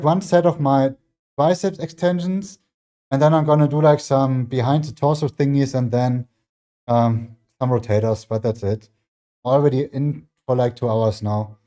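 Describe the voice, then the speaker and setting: A man's voice: mid-range voice, warm tone. A man streaming from his home gym mid-workout, chatting loosely with viewers and filling his speech with "like", a non-native English speaker. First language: not English. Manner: rambling, heavy use of "like" as filler; reads and answers chat messages. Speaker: fitness streamer. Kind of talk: casual livestream chat.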